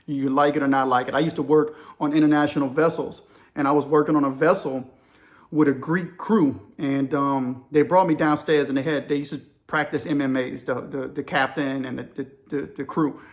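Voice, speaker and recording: A man's voice: fairly high pitch, steady tone, normal speed. Man ranting to viewers. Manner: conversational, persuasive, addresses viewers as y'all. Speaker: channel host. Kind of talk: casual opinion monologue to camera.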